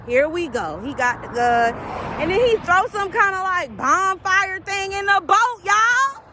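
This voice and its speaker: A woman talking through a casual, emotional TV episode recap, shrieking at big moments and dropping to quiet murmurs at sad ones. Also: extremely high pitch, slow pace. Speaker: TV recap vlogger. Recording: steady background traffic noise.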